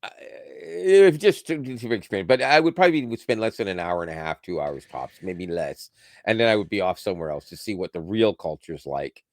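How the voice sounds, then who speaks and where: Man, low voice, rambling casual podcast chat, lots of restarts, dry close sound. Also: sing-song, brisk, dry recording. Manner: rambling, many restarts and laughs. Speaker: podcast co-host.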